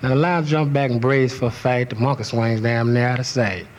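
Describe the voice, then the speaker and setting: Guy reciting a rhyming cussing folk tale, mid pitch, steady beat. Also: brisk, a little hiss or hum. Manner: rhythmic rhyming delivery, heavy cursing. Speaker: storyteller. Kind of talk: reciting a rhymed profane folk toast.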